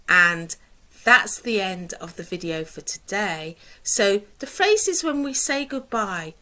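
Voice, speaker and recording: A woman teaching a lesson, who speaks slowly and deliberately and asks questions in a rising sing-song way. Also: mid-range voice, expressive, bright, forceful tone, poor audio. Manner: slow, deliberate teacherly delivery. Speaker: English teacher. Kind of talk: online English lesson.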